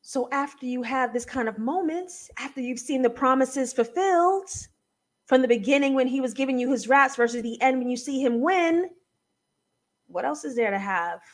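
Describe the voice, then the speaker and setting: A young adult woman hosting a live TV recap show, analysing an episode in an animated, emphatic way. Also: high-pitched. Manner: animated, emphatic, laughing and near tears at times. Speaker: TV recap host.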